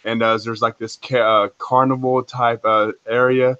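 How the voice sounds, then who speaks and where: A man calling in to a spiritual show and recounting a dream in a rambling, halting way. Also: mid-range voice, level tone, sharp tone, smooth, lo-fi sound. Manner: rambling, many fillers and restarts. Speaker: caller. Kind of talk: casual storytelling.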